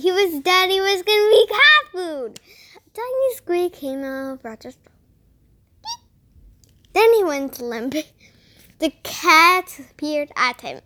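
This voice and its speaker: A child reads a storybook aloud in a very high voice. The delivery is careful, steady and slow. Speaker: reader.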